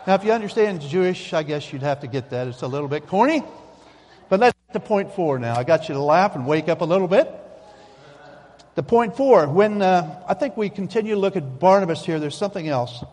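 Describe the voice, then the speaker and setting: Guy preaching a sermon, kinda high voice, homey and punchy, big echoey church sound. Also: lively intonation, brisk, darkish tone. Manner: folksy, emphatic, repeats key phrases. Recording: long hall reverb.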